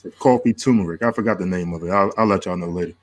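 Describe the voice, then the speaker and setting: A man's voice: low voice, racing. A man hosting a podcast, chatting casually over a remote call and trading jokes and teasing banter. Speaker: podcast host. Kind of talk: casual chat.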